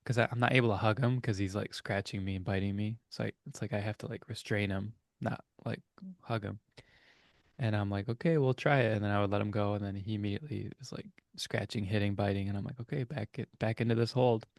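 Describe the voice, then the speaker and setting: A man's voice: on the low side, flat delivery, quick pace, vocal fry, no room sound, clean studio sound. A young adult man co-hosting a casual reflective chat over a video call, talking in an earnest, rambling way as he searches for words. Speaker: co-host.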